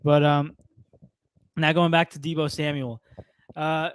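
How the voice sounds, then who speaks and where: A young man co-hosting a sports show, talking through contracts and stats in a relaxed way. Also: on the high side, a little slow, smooth. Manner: relaxed, lists stats and numbers. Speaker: podcast co-host. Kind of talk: casual sports talk.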